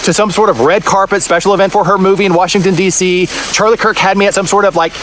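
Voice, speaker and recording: Fast, indignant man with a high voice. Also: steady tone, a bit bright, a little hiss or hum. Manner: indignant and insistent. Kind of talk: disillusioned video statement.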